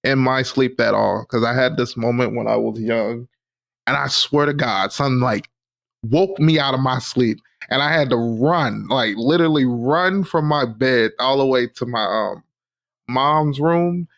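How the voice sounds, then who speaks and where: A young adult man co-hosting a podcast, telling stories in a rambling, animated way full of fillers. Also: medium pitch, a little slow, creaky. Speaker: podcast co-host. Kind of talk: casual chat.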